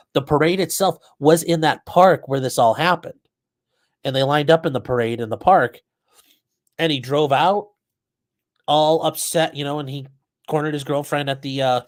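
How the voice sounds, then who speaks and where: A man hosting a live commentary stream, reading chat questions aloud and answering off the cuff. His voice sits at an ordinary middle pitch, and his manner is blunt, chatty and freely profane. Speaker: livestream host commenting on a trial.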